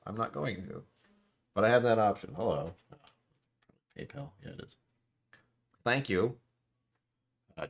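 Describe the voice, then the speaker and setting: A man's voice: sits low, creaky, a little hiss or hum. A man hosting a live whiskey stream, chatting casually, rambling and correcting himself as he greets viewers. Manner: rambling, self-correcting, talks to chat.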